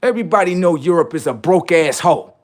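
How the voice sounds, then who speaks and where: Animated man ranting on a livestream. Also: fairly quick. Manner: heated, taunting, swings between loud jeers and low asides. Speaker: livestream host. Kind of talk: profane livestream rant.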